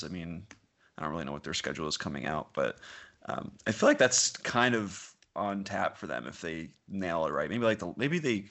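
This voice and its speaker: A man's voice: sits low, a bit bright. A man co-hosting a podcast in casual chat, joking and often laughing. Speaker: podcast co-host.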